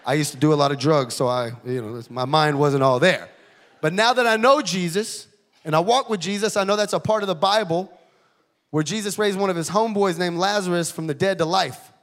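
A man giving a lively, joking church testimony as guest speaker. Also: sits high, brisk, in a large hall. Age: 30s. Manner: energetic, jokey, casual preacher talk. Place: church auditorium.

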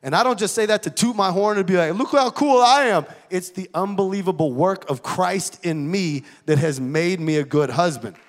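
Man in his thirties, church testimony, high bright voice, long hall echo. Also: moderate pace, few pauses. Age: 30s. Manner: energetic, jokey, casual preacher talk. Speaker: guest speaker giving a testimony. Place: church auditorium.

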